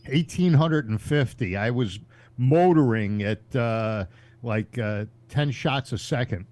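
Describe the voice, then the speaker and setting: A man in casual political chat on a video call, halting and full of fillers, defending his view. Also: mid-range voice, a little mellow, dry recording. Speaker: call-in show panelist.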